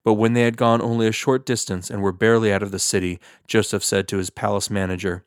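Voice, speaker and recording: A man reading scripture aloud as a steady, measured narration. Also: on the low side, no echo, studio quality. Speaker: scripture reader.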